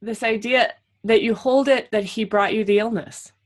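A woman's voice: fairly high pitch, fairly even intonation, moderate pace. A woman hosting an interview podcast, chatty and responsive in casual conversation. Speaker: podcast host.

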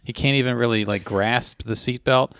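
A man telling a story in casual chat, animated, with his voice jumping up when he quotes people. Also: mid-range voice, moderate pace, smooth, no room sound, clean studio sound.

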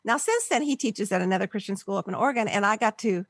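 Older woman, animated storyteller, podcast guest, dry recording. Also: medium pitch, fast talker, no room sound. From Los Angeles area. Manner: animated storyteller, acts out quoted voices. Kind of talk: storytelling in a conversational interview.

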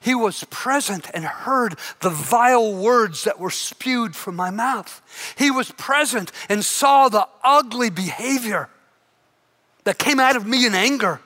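A man preaching a sermon, telling a story dramatically and dropping to a hushed intensity at its peaks. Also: very high voice, expressive, unhurried. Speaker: pastor.

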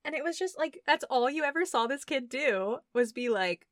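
A woman co-hosting a casual movie chat, animated and laughing, acting out scenes in quick voices. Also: sits high, no room sound, studio quality. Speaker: podcast co-host reviewing a movie.

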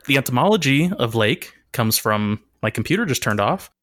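A man's voice: mid-range voice, big pitch swings, moderate pace, heavy background noise. A man hosting a comedy podcast, reading out facts playfully and laughing often. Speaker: podcast host. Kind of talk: casual comedic chat, presenting facts.

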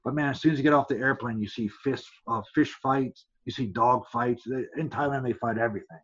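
A man's voice: mid-range voice, brisk, a bit bright, breathy edge, highs cut off. A man, a former fighter, telling rambling stories as a podcast guest, stumbling and restarting often and acting out other people's lines. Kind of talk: casual storytelling.

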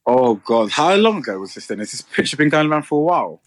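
A man's voice: medium pitch, big pitch swings, fast talker, no echo. A man co-hosting a podcast in casual, gossipy chat. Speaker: podcast co-host.

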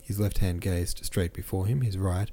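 A man narrating a classic novel as a podcast host, reading in a measured way with small self-corrections. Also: low voice, steady tone, dark tone. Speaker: podcast host and audiobook reader.

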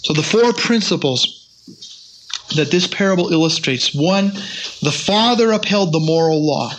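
A man with a fairly high voice delivers a sermon as a Bible teacher. He reads scripture passages aloud and lifts his voice for emphasis. A faint hiss of noise sits under the recording. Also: animated, measured pace.

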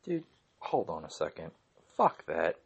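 A young man hosting his own podcast, ranting casually in an excitable, profane, rambling way. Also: very deep voice, unhurried, vocal fry, loud music behind the voice. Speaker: podcast host. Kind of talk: casual solo podcast rant.

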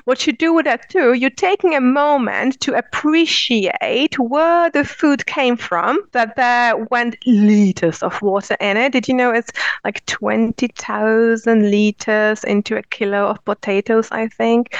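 A woman's voice: fairly high pitch, measured pace, dry recording, dull audio. A woman giving earnest, flowing answers as an interview guest who teaches spiritual practice.

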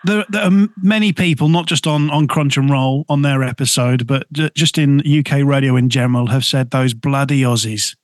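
A man's voice: medium pitch, fairly even intonation, moderate pace, hardly any pauses, dry recording. A man hosting an interview podcast, laughing easily and stumbling over his first words. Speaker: podcast host. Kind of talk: conversational interview.

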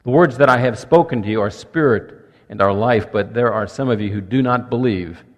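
A man preaching a sermon as pastor, reading scripture aloud and explaining it in an earnest, emphatic way with measured pauses. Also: on the low side, long reverb tail. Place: church.

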